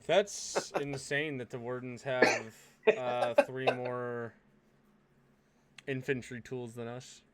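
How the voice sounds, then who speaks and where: A man's voice: medium pitch, fairly even intonation, slow, over a noisy crowd. A man hosting a casual gaming podcast, laid-back and swearing freely. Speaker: podcast host.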